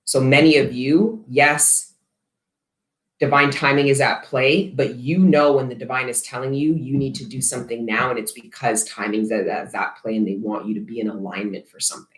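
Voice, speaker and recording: A woman's voice: rumbling low, steady tone, normal speed. A woman giving a collective tarot reading, talking bluntly and profanely with rambling asides. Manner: rambling, self-interrupting asides. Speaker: tarot reader. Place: her studio. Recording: echoey room.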